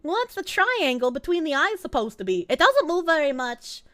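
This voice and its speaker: A woman's voice: sits high, sing-song, normal speed, bright, forceful tone. A woman streamer chatting casually with her viewers, playful and crude, with lots of swearing. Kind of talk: casual live-stream chat.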